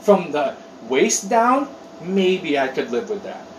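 A high-pitched man talks with a lively, swooping delivery, full of swearing and rambling asides. He is a bit far from the mic in a roomy space. A faint background noise sits under his voice. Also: takes it slowly. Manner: animated, profane, rambling storyteller. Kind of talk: casual chat.

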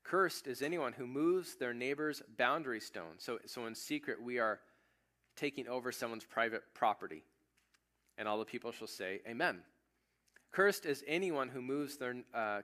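A man preaching a sermon, reading scripture aloud and explaining it in a casual, animated way. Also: fairly high pitch. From United States. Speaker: pastor.

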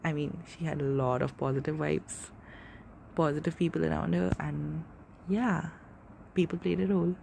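A woman's voice: low-pitched, steady tone, moderate pace, creaky, warm tone, a little hiss or hum. A young woman in her twenties hosting a casual solo podcast, rambling and swearing freely as she corrects herself. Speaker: podcast host.

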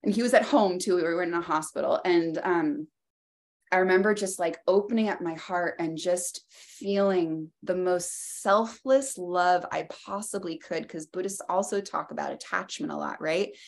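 A woman's voice: on the low side, moderate pace, vocal fry. A woman guest in an interview, telling a personal story in a reflective way, with loose phrasing and many fillers.

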